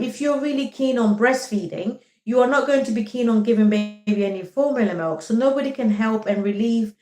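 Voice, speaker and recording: A woman with a fairly high voice gives postpartum advice in an earnest, reassuring way, stopping often to check in with the listener. She sounds like she is in an echoey room. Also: a little mellow. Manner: reassuring, repeats "okay?" often. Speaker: vlogger giving postpartum advice. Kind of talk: direct-to-camera advice talk.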